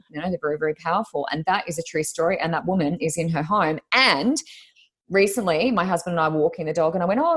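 An Australian woman with a low, husky voice, a guest who works as an intuitive reader, tells stories in a chatty, casual way. She slips into the voices of the people she quotes, and the audio sounds like a video call.

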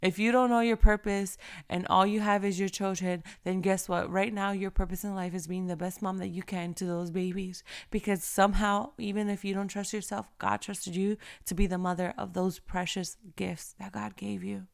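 A woman's voice: mid-range voice, flat delivery, normal speed, creaky, clear, resonant tone. A young woman speaking fervently to her listeners, quoting scripture and sharing her own struggles in a personal, encouraging way. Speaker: faith speaker.

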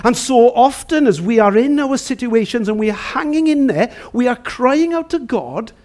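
An animated male preacher delivering a sermon in a church. His voice sits high and leaps around with great liveliness. He turns to the congregation with questions, then swings from shouting down to near hush. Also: moderate pace, hardly any pauses. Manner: animated, swings between shouting and hushed tones; chatty with the congregation, asks them questions. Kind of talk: sermon with storytelling.

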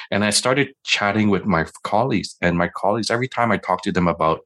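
A man's voice: on the low side, fast talker, few pauses, a bit bright. A man in his forties, a physician and podcast guest, telling a candid, self-deprecating story in a casual interview and acting out the voices of the people in it. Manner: candid, self-deprecating, acts out quoted dialogue.

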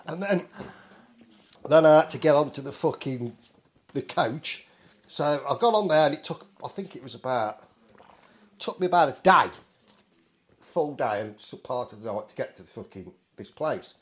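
A man's voice: mid-range voice, animated, normal speed, long pauses. A middle-aged man from England telling a story in casual chat, swearing a lot and acting out the people in it. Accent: English. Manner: swears constantly, acts out the people in his story. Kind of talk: casual anecdote.

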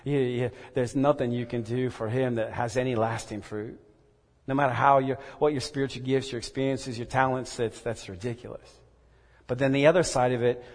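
A man preaching a sermon and telling a personal story, earnest and halting, often repeating words. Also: medium pitch, a little mellow. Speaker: pastor. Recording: echoey hall reverb.

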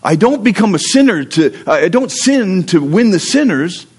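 A man's voice: high voice, sing-song, normal speed, slightly rough. A man in the role of pastor, reading scripture and then preaching in a conversational, joking manner to his congregation on a livestream. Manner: reads scripture aloud then preaches conversationally, with prayer and humor. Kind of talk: sermon.

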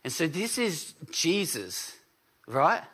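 A man's voice: fairly high pitch, big pitch swings, slow, a bit bright, slightly rough. A man preaching a sermon as pastor, telling a story in a casual way and often checking in with his listeners. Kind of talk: conversational sermon.

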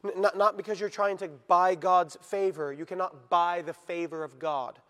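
A male pastor preaching a sermon, swinging from hushed, slow lines to loud, shouted passages. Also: high voice, steady tone, long reverb tail.

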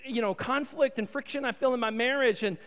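A man preaching a sermon as pastor, swinging from soft, intimate lines to loud, emphatic ones. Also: very high voice, fairly quick. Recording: long hall reverb.

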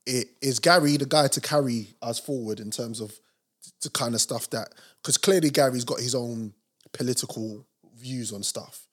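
A man co-hosting a podcast, in lively, jokey casual chat. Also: mid-range voice, moderate pace. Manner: lively, jokey, questioning, many fillers like yeah. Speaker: podcast co-host.

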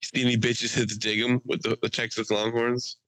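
A man co-hosting a loose podcast conversation, his voice bright and forward. He jokes, swears freely and teases his friend. The sound is dry and close to the mic. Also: medium pitch, little pitch movement, a little fast, no echo, rough recording. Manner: joking, profane, mocking put-on voices. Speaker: podcast co-host. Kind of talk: casual chat.

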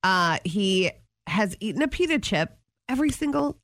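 A woman co-hosting a radio show, bantering playfully with quick, exasperated comebacks. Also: mid-range voice, big pitch swings, a bit bright, no room sound, clean studio sound. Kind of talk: casual morning-show banter.

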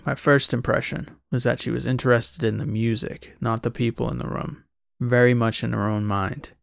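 A man's voice: medium pitch, steady tone, normal speed, gravelly, no echo, clean studio sound. A man giving first-person audiobook narration in a wry, conversational private-eye voice.

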